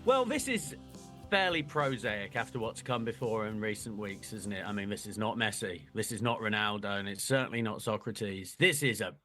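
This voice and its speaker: A man's voice: on the low side, expressive, normal speed, fairly bright tone, faint music behind. A man co-hosting a podcast in casual, jokey chat who swears freely and laughs often. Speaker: podcast co-host.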